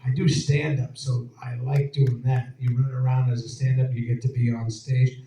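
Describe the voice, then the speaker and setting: On stage at a Q&A, an actor tells casual, rambling anecdotes and laughs along with a live audience in an event hall. His medium-pitched voice is dark in tone and level, at a normal speed. The hall sound is dull, echoey and distant.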